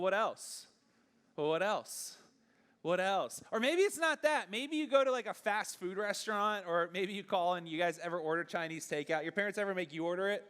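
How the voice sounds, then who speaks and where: Young man, youth pastor, high voice, chatty sermon, acts out dialogue. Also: a bit bright, clean tone. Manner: conversational, acts out dialogue in quick bursts.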